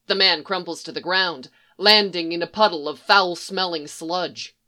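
A woman narrating a fan fiction story in a steady, even storytelling manner. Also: lowish voice, measured pace. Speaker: fanfic audiobook reader. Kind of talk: scripted narration.

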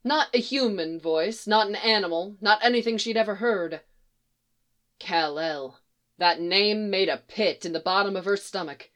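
A woman reads fiction aloud at an even pace in a mid-range voice. Her storytelling is steady and expressive. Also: medium pitch, measured pace. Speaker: reader.

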